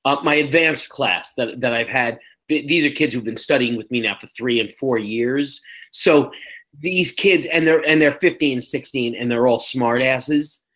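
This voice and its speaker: A man's voice: mid-range voice, unhurried, a bit bright, rough recording. An older man with a New York accent, co-hosting a casual podcast chat in a rambling, self-interrupting way. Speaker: podcast co-host and teacher.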